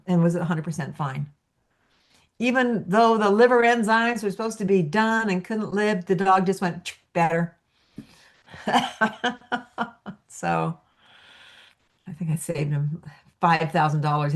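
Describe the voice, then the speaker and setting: Woman, healing teacher, casual rambling story, fillers, fairly low voice. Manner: rambling, filler-heavy, acts out quotes in a lifted voice.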